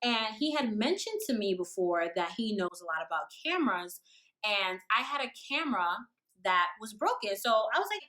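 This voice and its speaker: A young woman telling a casual storytime, animated and slangy, acting out what people said. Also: mid-range voice, normal speed. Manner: animated, slangy, acts out quotes.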